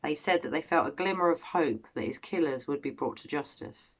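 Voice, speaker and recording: A woman in her thirties with an English accent and a notably low, deep voice talks through a cold case as a vlogger. Her storytelling is casual and earnest, with a personal, heartfelt tone. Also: lively intonation, brisk. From Cambridge, England. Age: 30s. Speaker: true-crime vlogger. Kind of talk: casual true-crime storytelling.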